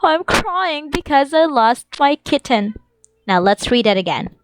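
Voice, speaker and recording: A woman teaching an English lesson to young children, reading examples slowly in an exaggerated sing-song way. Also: a little high, animated, smooth, no echo.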